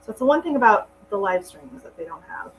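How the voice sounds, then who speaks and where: A woman's voice: fairly high pitch, lively intonation, fast, a little hiss or hum, rough recording. A middle-aged woman chatting casually on a gardening live stream at home, rambling between potting tasks and asides to her dog. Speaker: gardening channel host. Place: at home indoors.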